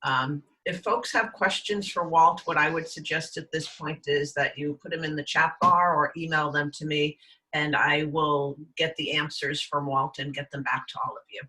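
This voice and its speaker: A man moderating an online panel in a brisk, organizing way, speaking on a video call. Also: fairly high pitch, fairly even intonation, pushed and bright, rough recording. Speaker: webinar moderator.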